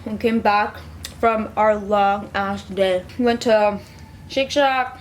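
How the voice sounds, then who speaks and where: A woman's voice: medium pitch, fairly even intonation, slow pace, a little hiss or hum. A young woman chatting casually to her viewers in a rambling vlog. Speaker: vlogger.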